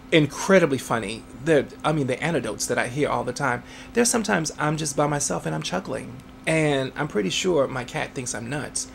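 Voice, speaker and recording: Gravelly-voiced male author, chatty. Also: fairly high pitch, a bit bright, slight background noise. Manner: chatty, laughs often, many fillers. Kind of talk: interview answers.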